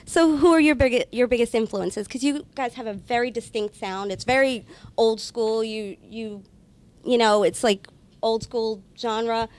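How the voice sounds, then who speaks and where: A woman's voice: a little high, measured pace. A woman interviewing a band in a playful, giggly way. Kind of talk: casual interview.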